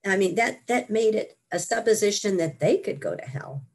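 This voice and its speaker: An older woman, a guest author, telling her story in an interview with lively asides and frequent laughs. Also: mid-range voice, moderate pace, gravelly. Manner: animated storytelling, laughs often.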